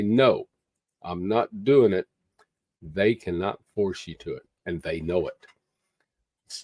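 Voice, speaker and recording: A man's voice: low voice, a little mellow, dry recording. A man hosting a livestream, giving an impassioned, earnest motivational talk that repeats phrases for emphasis. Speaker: livestream host.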